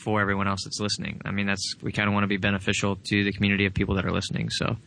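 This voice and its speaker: Man, podcast co-host, quick and flat, bright tone. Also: on the low side, creaky, slight background noise. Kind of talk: casual podcast chat.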